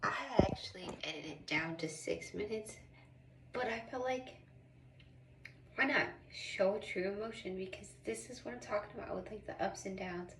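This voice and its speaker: A woman's voice: mid-range voice, moderate pace, distant mic, slight background noise. A woman who is a mother, rambling through an emotional confessional vlog in casual slang, close to tears. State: tearful and emotional. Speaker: vlogger, mother. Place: small bathroom. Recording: echoey bathroom, voice off-mic.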